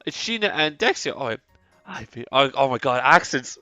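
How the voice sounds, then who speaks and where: A man's voice: medium pitch, big pitch swings, normal speed, pushed and bright, no echo, dull audio, soft background music. A man with an Irish accent hosting a let's play, chatty, rambling and self-deprecating as he comments on the game. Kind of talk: casual gameplay commentary.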